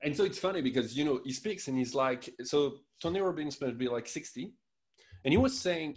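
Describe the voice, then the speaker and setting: A man in his thirties from France with a French accent, co-hosting a podcast in an animated, laughing rant. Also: fairly high pitch, brisk. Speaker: podcast co-host. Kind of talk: casual chat.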